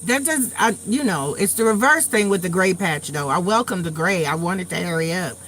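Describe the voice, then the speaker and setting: A woman in her late forties hosting a live tarot stream, telling stories in a blunt, profane, animated way while getting over a cold. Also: on the low side, fairly quick. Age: late 40s. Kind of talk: casual live chat.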